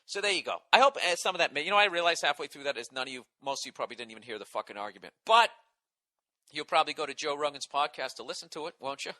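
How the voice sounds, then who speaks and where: A man's voice: fairly high pitch, animated, rapid-fire, bright, forceful tone, no room sound. A man hosting a podcast, delivering an indignant, sarcastic monologue full of swearing. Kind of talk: profane ranting monologue.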